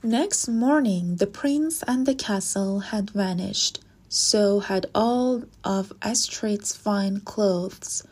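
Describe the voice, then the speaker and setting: A woman narrating a children's storybook in a gentle read-aloud manner. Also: medium pitch, takes it slowly, slight background noise.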